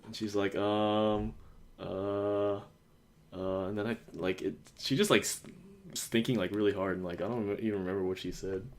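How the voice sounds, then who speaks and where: Low-voiced young American man rambling. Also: steady tone, normal speed. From United States. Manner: rambling, many fillers, acts out quotes. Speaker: podcast host. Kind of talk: casual chat.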